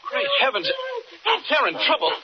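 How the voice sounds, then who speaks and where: An urgent heroic reporter calling out. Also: male voice, very high voice, huge pitch swings, moderate pace, a loud crowd, exaggerated voice. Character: heroic adult reporter, upright and determined. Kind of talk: 1940s radio acting. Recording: dull old radio recording with barking dog behind.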